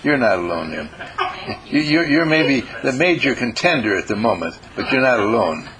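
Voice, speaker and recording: An older man teaches a small group in a homespun, folksy way, his voice sitting at an ordinary middle pitch. He talks informally and lightens his points with playful quoted voices. A faint hiss runs underneath. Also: big pitch swings, moderate pace, fairly bright tone, low-quality recording. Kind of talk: informal motivational talk.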